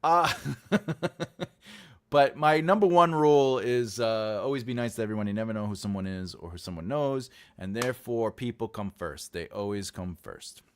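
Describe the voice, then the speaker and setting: Lively chatty New York man. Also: medium pitch, normal speed. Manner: rambling, chatty, self-deprecating asides. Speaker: host, author. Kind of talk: casual livestream chat.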